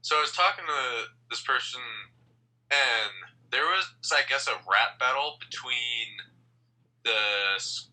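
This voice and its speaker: A man's voice: mid-range voice, unhurried, pushed and bright, poor audio. A man appearing as a podcast guest, chatting easily with short, agreeable replies. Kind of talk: casual chat.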